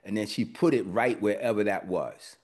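Low-voiced preacher man telling a story. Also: moderate pace. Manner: emphatic preaching, swings from quiet to loud, repeats words. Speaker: pastor. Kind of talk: sermon with personal story.

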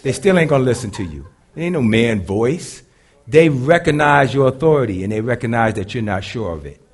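A man with a deep voice preaching a sermon to a live congregation, moving between loud and hushed delivery. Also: animated, brisk, slightly rough. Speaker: pastor.

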